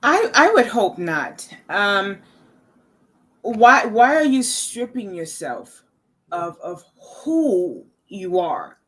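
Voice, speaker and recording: Woman panel guest, earnest, stumbles into sentences, mid pitch. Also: big pitch swings, very slow, a bit bright. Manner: earnest, repeats words when starting. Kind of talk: casual panel discussion.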